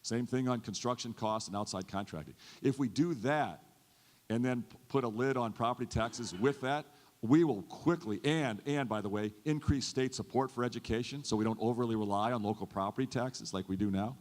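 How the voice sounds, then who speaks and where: A man's voice: mid-range voice, a little fast. A man in his fifties, a state governor, giving an earnest, folksy stump speech that often repeats itself. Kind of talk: stump speech to a chamber audience. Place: large event hall. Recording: long hall reverb.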